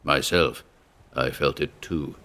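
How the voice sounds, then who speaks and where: Man playing a deep, solemn ghost captain. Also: fairly even intonation, sharp tone, full character voice. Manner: slow, solemn, sympathetic, stern. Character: deep-voiced ghostly old sea captain, commanding.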